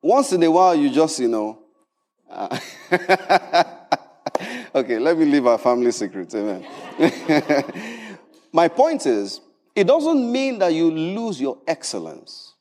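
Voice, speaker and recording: A man preaching a sermon in an animated, humorous way, often repeating words. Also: a little high, slow pace, pauses often, long reverb tail. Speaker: pastor.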